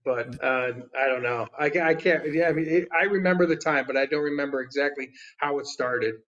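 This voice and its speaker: A man, a guest musician, telling stories in casual chat, animated and laughing often, with many restarts. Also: a little high, brisk, lo-fi sound. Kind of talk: casual storytelling. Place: podcast studio.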